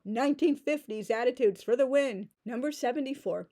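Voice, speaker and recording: A woman's voice: fairly high pitch, moderate pace, hardly any pauses, mellow. A woman in her forties giving a sarcastic, exasperated rant as a book reviewer. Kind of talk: ranting book critique.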